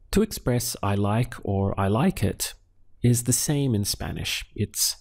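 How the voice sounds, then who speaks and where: A man teaching a language lesson step by step, patiently asking questions, pausing for answers and sounding out syllables. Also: fairly low pitch, animated, a little mellow. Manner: patient, asks questions then pauses for answers; spells out syllables slowly. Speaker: Spanish teacher.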